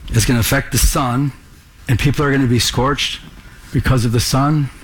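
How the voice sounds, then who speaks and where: A man's voice: mid-range voice, fairly even intonation, normal speed, husky. A man preaching a sermon to a congregation in the room, earnest, pressing them with rhetorical questions. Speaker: pastor.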